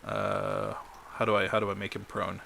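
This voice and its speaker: Bright, gravelly dungeon master. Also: male voice, on the low side, completely flat delivery, a little hiss or hum. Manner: halting, fills pauses with "uh", laughs along. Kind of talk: running a tabletop game online.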